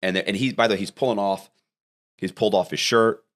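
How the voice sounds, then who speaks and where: A man hosting an interview, telling prison stories in a casual, animated way and swearing freely. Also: fairly low pitch, brisk. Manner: animated storyteller, swears freely, acts out other voices.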